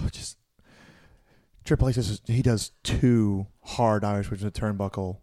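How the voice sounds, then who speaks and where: A man co-hosting a podcast in casual chat, excitable and swearing freely as he recaps a wrestling match. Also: fairly low pitch, unhurried, no room sound, studio quality. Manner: excitable, swears freely, shouts quoted lines. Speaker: podcast co-host.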